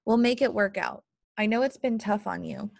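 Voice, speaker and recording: A woman voicing a middle-aged father who speaks low, calm and earnest. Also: normal speed, gravelly, dry recording, clean studio sound. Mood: gentle.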